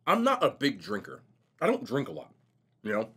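A young man vlogging casually while eating, telling stories in a slangy, animated way. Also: on the low side, moderate pace, breathy edge. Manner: animated, slangy storytelling, says bro a lot. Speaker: mukbang vlogger.

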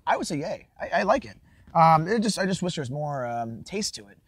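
A man's voice: fairly high pitch, very animated, brisk, husky, no echo. A man from the Chicago suburbs, an easygoing, agreeable guest on a snack review. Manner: easygoing, agreeable, laughs often. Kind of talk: casual snack review chat.

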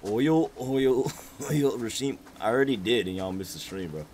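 A young man hosting a co-op gameplay stream, bantering loudly in slang and shouting directions to his partner. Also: medium pitch, animated, moderate pace. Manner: loud slang-heavy banter, shouting instructions. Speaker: streamer host. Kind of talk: casual co-op gameplay chat. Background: game music.

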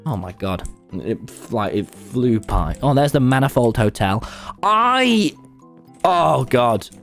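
Over soft background music, a young man talks slowly in a medium-pitched voice while gaming on stream. It's casual chat, yet he's excitable, swearing frequently and telling animated stories.

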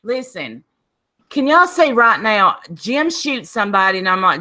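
A woman co-hosting a casual chat show, animated and opinionated, acting out quotes as she talks. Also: mid-range voice, unhurried. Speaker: podcast co-host.

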